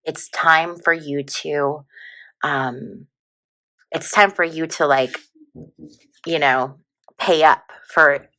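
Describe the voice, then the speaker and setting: A woman's voice: deep voice, fairly even intonation, slow, long pauses, a bit bright. A woman giving a casual, chatty tarot reading on video, full of fillers and prone to giggling. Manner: chatty, giggly, lots of fillers like "like" and "you know". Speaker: tarot reader.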